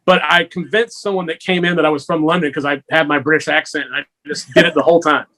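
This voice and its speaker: A man's voice: a little high, fairly even intonation, fast, pushed and bright. A man talking as a guest musician in a casual radio chat, telling stories and laughing often. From Georgia, USA. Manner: chatty, storytelling, laughs often.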